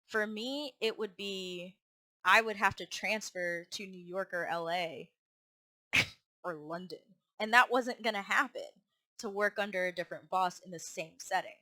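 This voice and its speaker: Woman vlogger with a bright, sharp voice, casually telling a rambling story full of restarts. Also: mid-range voice, a little slow. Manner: rambling, with restarts and acted-out quotes.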